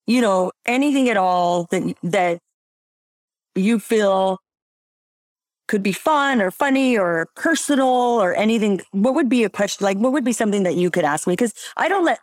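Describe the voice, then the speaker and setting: A woman's voice: mid-range voice, expressive, normal speed, no echo, studio quality. A woman hosting a casual chat, chatty and laughing often. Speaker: podcast host.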